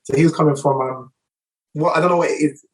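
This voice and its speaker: A middle-aged London man talks in a rapid rush, piling on fillers and restarts. His voice sits slightly high. He sounds a little distant from the microphone. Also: steady tone. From England. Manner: rapid anecdotal, many fillers. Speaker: guest barber. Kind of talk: casual storytelling interview.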